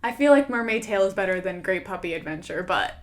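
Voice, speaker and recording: A woman's voice: medium pitch, expressive, fast. Chatty self-deprecating woman YouTuber. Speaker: YouTuber reacting to her own old video. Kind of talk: casual commentary.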